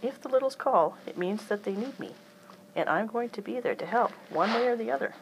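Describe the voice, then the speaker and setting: A woman's voice: on the high side, lively intonation, fairly quick, vocal fry, noisy background, voice pushed up. A woman voicing a tiny, determined elderly aunt who talks stubbornly and emphatically. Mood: insistent.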